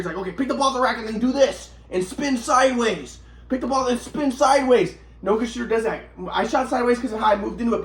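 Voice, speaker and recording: A man rambling agitatedly through a personal story, swearing often and restarting his sentences. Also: high-pitched. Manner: agitated, profane, repeats and restarts himself. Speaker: vlogger telling his own story. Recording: echoey room.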